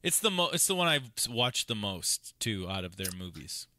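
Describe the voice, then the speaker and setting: A man's voice: fairly low pitch, big pitch swings, moderate pace, bright, forceful tone, no room sound, studio quality. A man co-hosting a podcast, adding short wry quips and questions in casual chat. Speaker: podcast co-host.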